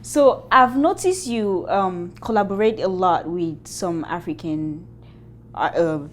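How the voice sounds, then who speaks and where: A woman's voice: fairly low pitch, slow. A woman hosting an interview, asking casual questions in a friendly way and laughing along. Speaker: interviewer host.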